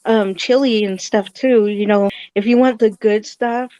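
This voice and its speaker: A woman joins a casual chat with short, agreeable comments. Her voice has a middle pitch. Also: steady tone, a little slow, mellow, dull audio. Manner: brief, agreeable remarks.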